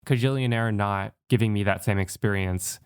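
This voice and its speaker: A man co-hosting a podcast, speaking in a calm, measured and gracious way. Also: fairly low pitch, clean tone. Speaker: podcast co-host. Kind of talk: casual film discussion.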